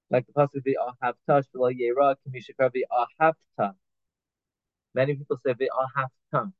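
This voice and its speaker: A medium-pitched male Torah teacher leads a halacha class on Talmud law over a tinny, phone-like, dry line with no room sound. He reads Hebrew phrases line by line and explains them in English, with restarts and fillers.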